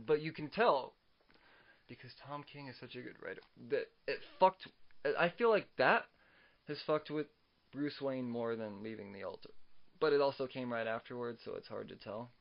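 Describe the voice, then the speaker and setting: A man's voice: medium pitch, normal speed, vocal fry, lo-fi sound. A young man co-hosting a casual comics podcast, swearing a lot and stammering through restarts as he rants. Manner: profane, ranting, stammers on restarts. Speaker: podcast co-host.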